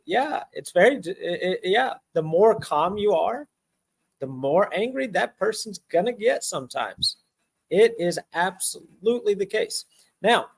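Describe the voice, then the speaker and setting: Animated man repeating himself, fairly high. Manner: animated, repeats words and restarts, laughs between phrases. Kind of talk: casual conversation.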